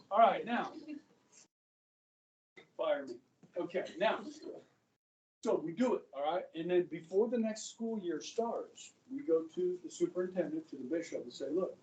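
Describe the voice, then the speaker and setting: A middle-aged man teaching a high school history class, chatting and joking, often checking in with his students. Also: a little mellow, dull audio, slight background noise. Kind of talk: classroom lecture. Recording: echoey classroom, voice from far off.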